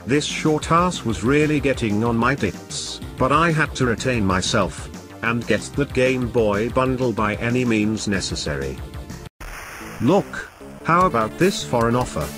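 A comedic host plays an angry game collector in a scripted sketch, boasting and ranting with plenty of foul language. His mid-range voice is animated, rises and falls a lot, and moves a little slowly, with soft music faintly behind him.

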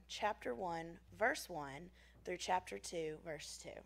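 A woman's voice: fairly low pitch, animated, gravelly, a bit bright. Woman reading scripture in church. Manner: measured, careful reading. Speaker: scripture reader. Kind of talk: liturgical prayer and scripture reading. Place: church sanctuary.

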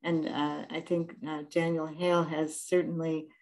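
A woman moderating a panel, speaking in a reflective, measured way. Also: low-pitched, flat delivery, darkish tone, rough recording. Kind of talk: panel talk.

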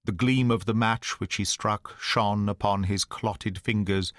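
A man narrating an audiobook in a measured, dramatic storytelling manner. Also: on the low side, fairly even intonation, fairly bright tone, dry recording, studio quality.

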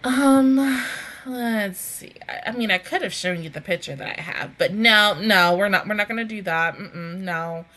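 A woman hosting a casual anime reaction review, excitable and swearing a lot, breaking into laughter often. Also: medium pitch, moderate pace.

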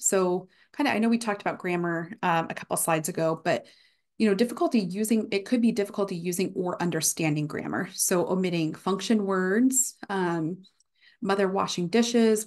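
A young woman giving a casual university guest lecture, with many fillers, now and then acting out examples of speech errors. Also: lowish voice.

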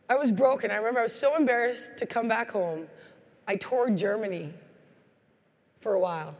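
Energetic woman speaking in a reverberant hall. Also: on the high side, normal speed, long pauses. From Canada. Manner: energetic storytelling, acting out quoted voices. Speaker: keynote speaker. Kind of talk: motivational keynote speech. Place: large hall.

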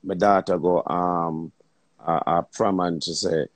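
A Jamaican man hosting a phone livestream, talking excitedly, swearing and repeating himself. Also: sits low, measured pace, no room sound. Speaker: livestream host. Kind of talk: casual livestream chat.

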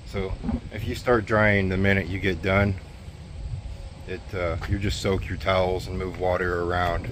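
A man's voice: sits low, little pitch movement, moderate pace. A man, a trucking vlogger, chatting casually on a road trip in a rambling, easygoing way with many fillers. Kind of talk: casual vlog chat. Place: in and around a pickup, outdoors. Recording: noisy outdoor vehicle recording.

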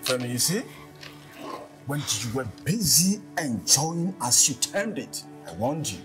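A man's voice: medium pitch, sing-song, unhurried, over music. A man with a Nigerian accent playing a friend who lectures another man about consequences. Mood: scolding. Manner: scolding, lecturing. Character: reproachful male friend, stern and lecturing. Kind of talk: Nollywood film acting.

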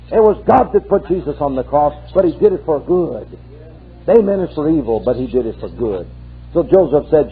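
Male preacher, fervent and husky, heard through a thin, phone-like old recording. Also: fairly high pitch, big pitch swings, moderate pace. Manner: fervent, punctuated with hallelujahs. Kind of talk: sermon. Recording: tinny lo-fi archive sermon tape.

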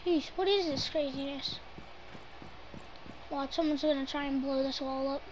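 A woman streaming her gameplay, giving excitable live commentary and teasing her teammates in mock outrage. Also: sits high, moderate pace, a little hiss or hum, low-quality recording. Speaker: gamer streaming her play.

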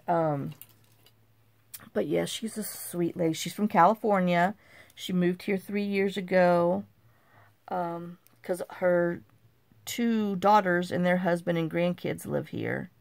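Chatty woman with a low, gravelly voice. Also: steady tone, slow, no echo. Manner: rambling, repeats "I said" and "you know"; warm, gossipy and easily amused. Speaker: crafting channel host. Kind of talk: chatty storytelling while crafting.

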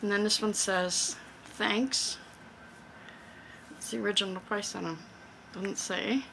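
A woman casually showing off a haul of craft supplies, chatty and excitable, thinking aloud as she unpacks. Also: medium pitch, takes it slowly, gravelly, slight background noise. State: out of breath. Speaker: crafting vlogger. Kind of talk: casual thrift haul show-and-tell.

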